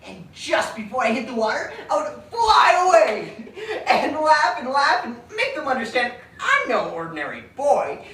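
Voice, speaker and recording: Actor as an excitable boastful boy, high and bouncy, distant on an echoey stage. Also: moderate pace, few pauses, full character voice. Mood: excited. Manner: excited, laughing, breathless eagerness. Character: eager, boastful boy who longs to fly. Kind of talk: stage play acting. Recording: echoey stage from a far mic.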